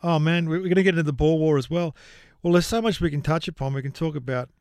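Man, radio co-host, teasing banter, somewhat high voice, dry close mic. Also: fast talker, a little mellow, smooth, no room sound. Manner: chatty, teasing, laughs easily. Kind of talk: casual community radio chat.

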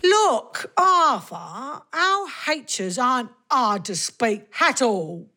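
Woman co-host, high and bouncy, jokey put-on cockney-ish banter, slow. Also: big pitch swings, pushed and bright. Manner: playful, mock-Cockney banter. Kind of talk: scripted radio chat.

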